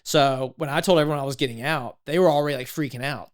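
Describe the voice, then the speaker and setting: A man in his thirties, a podcast guest telling his story in a casual, animated way, full of "like" and "legit". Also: on the high side, quick pace.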